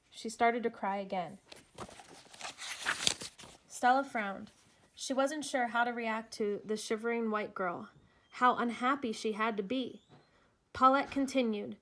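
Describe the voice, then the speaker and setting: A woman narrating a children's novel aloud in a steady storytelling manner. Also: a little high, measured pace, long pauses.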